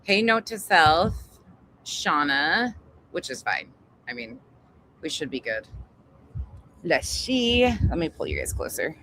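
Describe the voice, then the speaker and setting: A woman's voice: sits low, big pitch swings, slow, pauses often, pushed and bright, low-quality recording. A woman hosting a casual livestream, chatty and greeting viewers one by one, swearing freely as she talks. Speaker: livestream host. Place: indoors at home. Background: construction noise from upstairs.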